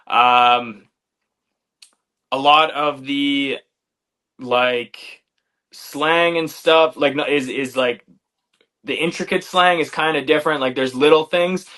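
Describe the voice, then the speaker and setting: A young man from Canada with a Canadian accent, a fighter answering interview questions in a relaxed, hesitant way. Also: medium pitch, takes it slowly, long pauses. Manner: relaxed, hesitant, many "like" fillers. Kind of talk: casual interview chat.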